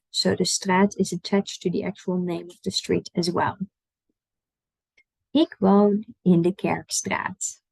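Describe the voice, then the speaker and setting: A woman with a Dutch accent teaching an online Dutch lesson in English, patiently saying Dutch words slowly for the learner to copy. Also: on the low side, creaky, darkish tone, no echo, low-quality recording.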